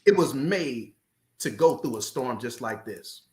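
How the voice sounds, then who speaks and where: Preaching pastor guest in an echoey room. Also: male voice, mid-range voice, lively intonation, unhurried, a little mellow. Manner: preacherly, building passion, repeats key phrases. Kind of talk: preaching in a podcast interview.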